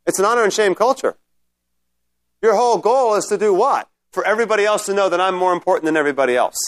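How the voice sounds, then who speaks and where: Man teaching a bible class, fairly high voice, conversational, checks in with listeners, restarts his sentences.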